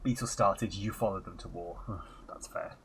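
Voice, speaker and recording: A man's voice: sits low, normal speed, fairly bright tone, a little hiss or hum. A man chatting casually while live-streaming a game, self-mocking and muttering asides into a headset.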